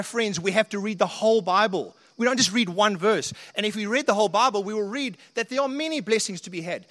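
A man's voice: sits high, fairly bright tone, in a large hall. A man preaching a sermon in an earnest, conversational way, often asking the listeners questions. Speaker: pastor.

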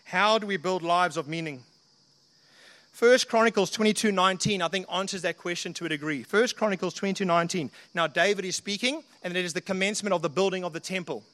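A man with a high-pitched voice preaching a sermon, earnest and conversational, often turning to his listeners with questions. His voice rings with the long reverb of a church hall. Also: fast, a bit bright. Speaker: pastor.

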